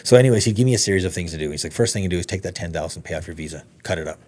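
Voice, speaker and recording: A man with a deep, low voice tells his story at a rapid clip. He is a podcast guest in casual conversation, animated and loose with his swearing, jumping into the voices of the people he quotes. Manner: animated, swears freely, acts out quoted dialogue.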